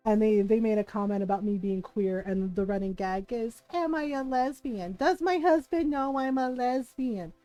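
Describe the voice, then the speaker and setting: High-voiced woman telling family stories. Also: normal speed, few pauses, soft background music, poor audio. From Filipino family. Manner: animated, laughing, acts out family members' voices. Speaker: streamer. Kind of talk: casual storytelling while gaming.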